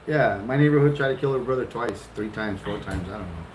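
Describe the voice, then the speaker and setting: Animated fifty-year-old man telling a story. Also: on the low side, a little fast, few pauses. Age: 50s. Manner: animated storyteller, acts out his own reactions with a lot of swearing. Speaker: husband telling how the couple met. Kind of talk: casual storytelling. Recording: roomy echo with clear background noise.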